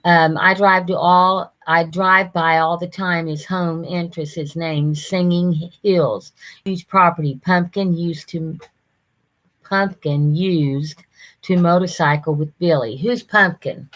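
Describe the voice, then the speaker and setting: A woman's voice: on the low side, steady tone, takes it slowly, a bit bright. An older woman hosting a casual live stream, chatting with viewers and greeting them by name, often laughing.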